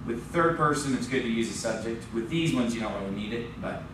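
A man's voice: medium pitch, expressive, fairly quick, noisy background. A man teaching a Spanish class, explaining patiently and asking the class questions, with a frequent "okay?". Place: church classroom. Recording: very echoey classroom recorded from far off.

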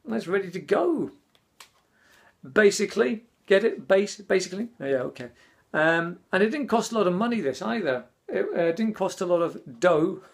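Chatty high-voiced man. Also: big pitch swings, brisk, creaky, husky. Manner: chatty, cheerful, jokey, addresses viewers as mates. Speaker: vlogger. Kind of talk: casual vlog chat.

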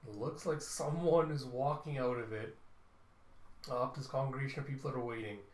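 A man's voice: mid-range voice, steady tone, moderate pace. A man reviewing a comic book, narrating the panels in a loose, offhand way with fillers. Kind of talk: casual comic read-through narration. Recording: roomy echo.

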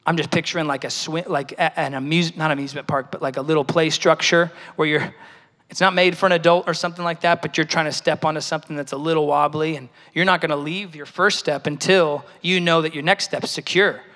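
High, bright-voiced man preaching in a hall. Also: fairly even intonation, a little fast. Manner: storytelling, conversational, acts out quoted voices. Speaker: speaker at a church service. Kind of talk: personal testimony sermon. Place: large church hall.

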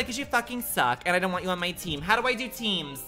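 Lively, bright-voiced male streamer rambling. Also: high-pitched, a little fast, few pauses, faint music behind. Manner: rambling, profane, full of filler words. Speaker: livestreamer. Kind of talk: casual gaming livestream chat.

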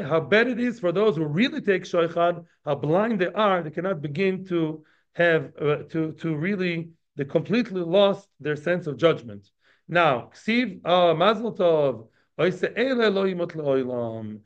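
Higher-voiced man teaching a Talmud class. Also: animated, a little slow, lo-fi sound. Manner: conversational, quizzes listeners with tag questions. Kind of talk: daily Talmud class lecture.

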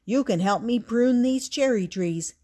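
Commanding farmer father, read by an older woman, brisk, slow-paced, storybook. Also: fairly high pitch, mellow, pitched above the performer's own voice.

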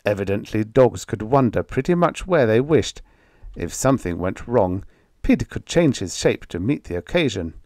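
A man narrating a vintage science fiction audiobook with expressive storytelling. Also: fairly low pitch, normal speed, no echo, clean studio sound.

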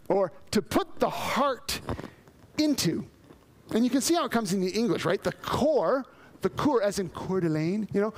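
A male pastor delivers an emphatic sermon in a fairly high voice that rises and falls widely. He repeats phrases for effect, runs through long spoken lists and keeps putting questions straight to the congregation. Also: slight background noise. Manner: asks the congregation questions directly.

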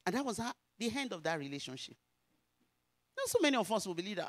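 A woman's voice: a little high, big pitch swings, fast talker, a bit bright, dry recording, studio quality. A woman pastor with a Nigerian Yoruba accent, telling a personal testimony in a sermon and rising into emphatic preaching.

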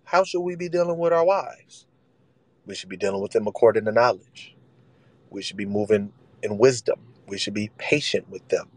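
A man's voice: lowish voice, normal speed, no room sound, rough recording. A man preaching a sermon in casual vernacular, emphatic and repetitive, acting out the voices he quotes.

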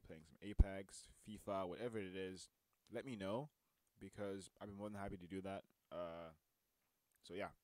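A man's voice: sits low, no echo. A young man hosting a reaction video, chatting loosely with fillers and frequent laughter. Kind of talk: casual reaction commentary.

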